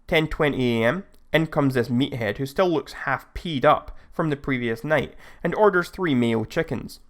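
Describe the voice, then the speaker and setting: A man narrating online stories in a steady, scripted reading style. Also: medium pitch, normal speed. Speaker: story narrator.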